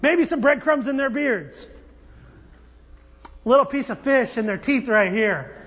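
A man pastor preaching a sermon in a church, an animated, joking storyteller who restarts his sentences. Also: very high-pitched, measured pace, slightly rough. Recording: dull audio with long hall reverb.

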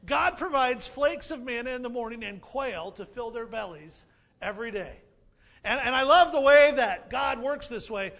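High, gravelly, animated preacher man. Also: moderate pace. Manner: animated, playful, repeats key phrases. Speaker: pastor. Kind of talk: sermon.

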